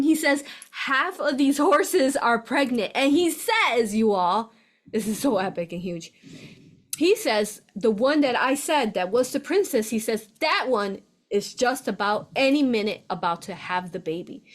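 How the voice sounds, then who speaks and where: A woman hosts a casual spiritual livestream, talking excitedly and emotionally, often addressing viewers directly and laughing. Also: on the high side. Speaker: spiritual channel host.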